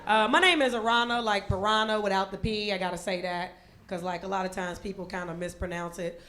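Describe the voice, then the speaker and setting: A woman doing a stand-up comedy set on a club stage, loose and streetwise, breaking into loud mocking voices. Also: medium pitch, steady tone, a little fast. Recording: roomy club sound with audience noise. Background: audience laughter.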